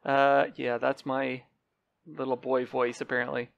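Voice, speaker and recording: A man's voice: mid-range voice, little pitch movement, unhurried, vocal fry, highs cut off. A man giving casual, rambling gameplay commentary as he tours a game server, with many ums and uhs. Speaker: Minecraft server let's-player.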